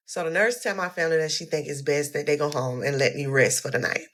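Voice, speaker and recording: A young woman telling her own story casually, animated and talking straight to her viewers. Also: fast, few pauses. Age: young adult. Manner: animated, addresses viewers as y'all, quotes people in a higher voice.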